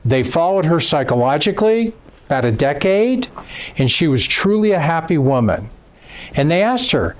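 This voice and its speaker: A man speaking at a seminar, slightly high-pitched, with animated, emphatic delivery. He moves between stories and teaching points, and acts out the quotes in them. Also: normal speed. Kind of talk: lecture with storytelling. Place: seminar room.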